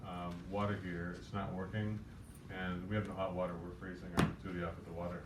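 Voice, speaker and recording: A man plays a frustrated homeowner in an improvised sales role-play and tells his story in an animated, joking way. His voice sits low. The recording is noisy, with the sound of a roomy hall picked up from a distance. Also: fast talker. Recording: echoey room, distant mic, noisy.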